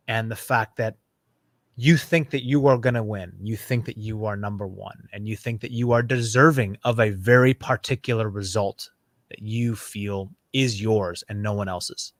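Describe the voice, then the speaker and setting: A man's voice: fairly low pitch, fairly bright tone, no echo, studio quality. A man in his thirties, a podcast guest, telling a personal story in a reflective way that builds through repeated phrases.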